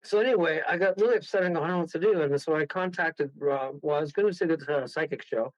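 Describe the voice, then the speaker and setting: Animated man telling a rambling story. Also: on the high side, quick pace, no room sound, low-quality recording. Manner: rambling, animated, laughing storyteller who acts out quotes. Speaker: guest medium. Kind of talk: storytelling on a radio show.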